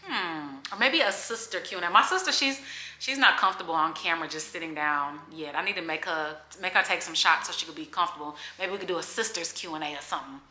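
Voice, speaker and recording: A woman's voice: fairly low pitch, fast, pushed and bright. A woman in her forties, a vlogger chatting candidly to camera in a casual Q&A, open and emotional. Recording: echoey room with faint music.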